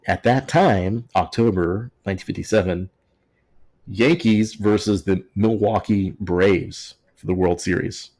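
Low-pitched man, podcast host, casual chat, sarcastic and joking. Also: a little slow, a little mellow. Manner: jokey, sarcastic storytelling.

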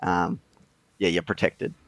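A man's voice: deep voice, little pitch movement, unhurried, dry recording. A young Australian man, a podcast guest, rambling casually with fillers and frequent laughter.

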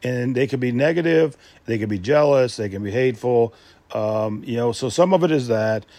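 A man talking loosely on his own podcast, doubling back and restarting his sentences as he goes. His voice sits at an ordinary middle pitch and is recorded very dry, close to the microphone. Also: moderate pace, a little mellow, no echo. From Michigan. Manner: rambling, with many restarts and filler asides. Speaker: podcast host. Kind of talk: casual solo podcast talk.

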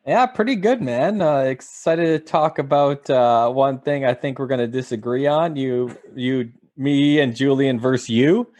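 A man's voice: medium pitch, unhurried, few pauses, a little mellow. A man co-hosting a casual podcast, upbeat and easygoing. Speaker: podcast co-host.

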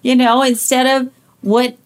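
A woman's voice: high voice, little pitch movement, unhurried. A woman hosting a casual conversation, responding supportively and often affirming her guest. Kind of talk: casual chat.

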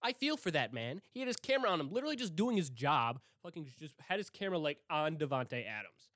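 A young man from Milwaukee hosting a casual solo podcast rant, profane and excitable, swinging from loud outbursts to hushed asides. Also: a little high, fast talker, no echo, clean studio sound. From Milwaukee, Wisconsin. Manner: profane, excitable, swings between shouting and whispering. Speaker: podcast host.

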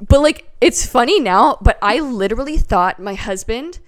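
A young woman co-hosting a podcast, telling a story in lively casual chat with lots of fillers. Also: on the high side, normal speed. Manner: animated storyteller, filler-heavy. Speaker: podcast co-host.

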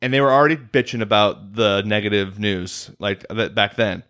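A man's voice: on the low side, fairly even intonation, moderate pace, a bit bright. A man co-hosting a podcast in casual chat, rambling and laughing often. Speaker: podcast co-host.

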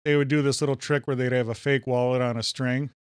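Animated joking man, from Minnesota. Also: medium pitch, quick pace, clear, resonant tone, no room sound, studio quality. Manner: animated storyteller, jokey. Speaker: podcast co-host. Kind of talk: casual chat.

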